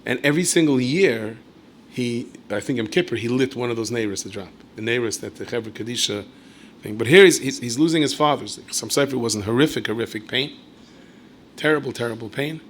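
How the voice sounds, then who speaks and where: A man, a rabbi, giving a storytelling Torah lecture in a conversational way with asides and self-corrections, and he jumps up in pitch and volume when acting out quotes. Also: a little fast, a little hiss or hum. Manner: animated storyteller who leaps high and loud when acting out quoted speech.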